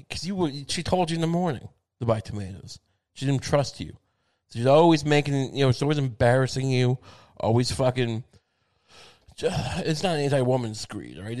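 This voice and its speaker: A man's voice: medium pitch, a little mellow. A man with a mid-range voice riffs through a profane, meandering comedic monologue. He stumbles over restarts and slips into mock voices for quoted characters, keeping a loose, offhand podcast tone. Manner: rambling, profane, stammering restarts; acts out quoted voices in bits.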